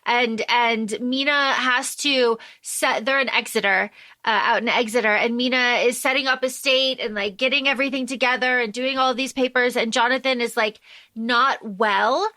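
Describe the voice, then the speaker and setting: A woman hosts a casual podcast, her voice sharp and high. She tumbles through a story with plenty of fillers and restarts. The sound is dry and close to the mic. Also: normal speed, no room sound. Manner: animated plot retelling with many fillers. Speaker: podcast host.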